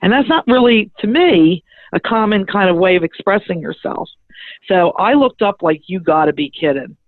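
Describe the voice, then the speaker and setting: A middle-aged woman, a spiritual medium, tells her story in a lively, chatty way and acts out every conversation in it. Her voice sits in a middle range. It comes through thin and narrow, like a phone line, with a dry, close sound. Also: mid-range voice, normal speed, no room sound. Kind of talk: animated personal storytelling.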